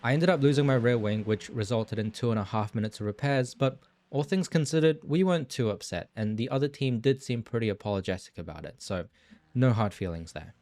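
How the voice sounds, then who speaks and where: A man's voice: mid-range voice, a little fast. A young man hosting a sim racing video, narrating his team's endurance race and joking with teammates over voice chat. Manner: lively, laughs often with teammates.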